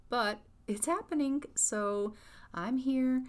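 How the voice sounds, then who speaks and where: A woman's voice: medium pitch, moderate pace. A woman recording a casual voiceover for a life-sim game playthrough, chatty and teasingly exasperated. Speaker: gameplay narrator. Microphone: voiceover recorded after gameplay.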